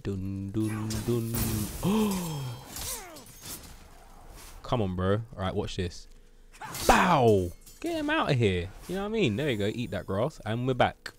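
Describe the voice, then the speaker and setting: A man giving lively commentary on his game during a live stream, full of exclamations, sound effects and swearing. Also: mid-range voice, brisk, few pauses, soft background music.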